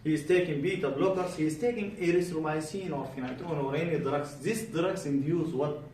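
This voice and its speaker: A man leads a bedside medical teaching session, animated and quizzing his students as he goes. His voice sits a little high for a man. He is heard from a distance in an echoey room with a faint hum behind. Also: brisk. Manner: animated, drilling students with repeated questions. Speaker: medical exam tutor.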